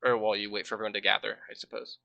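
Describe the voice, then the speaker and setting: A man's voice: fairly low pitch, little pitch movement, rapid-fire, creaky, sharp tone, no room sound. A man running a tabletop game on a live stream, laid-back and rambling, often laughing at his own asides. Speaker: game master.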